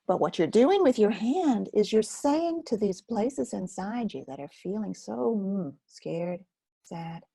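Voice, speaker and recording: An older woman hosting a self-care webinar, speaking softly and slowly in a soothing way and sometimes dropping to a whisper. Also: medium pitch, lively intonation, creaky, husky. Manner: soft, slow and soothing, drops to a whisper. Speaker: webinar host and Focusing teacher.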